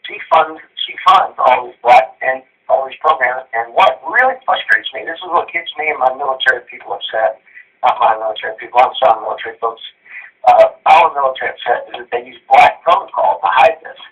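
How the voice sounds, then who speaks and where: A man's voice: medium pitch, a little fast, fairly bright tone. A middle-aged man, a retired colonel running for the Senate, talking in a fired-up rush with frequent restarts in a political interview. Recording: muffled phone line, distant from mic.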